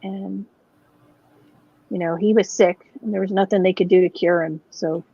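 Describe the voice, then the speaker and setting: A woman's voice: mid-range voice, fairly even intonation, normal speed, mellow, husky. A woman co-hosting a casual chat about knitting, talking in an easygoing, rambling way. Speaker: podcast co-host. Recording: dull, lo-fi sound.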